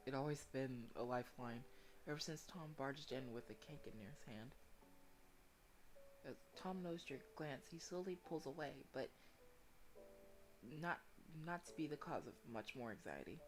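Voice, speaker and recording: A woman reading a visual novel aloud during a playthrough, emotional and expressive, reacting with swearing. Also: low-pitched.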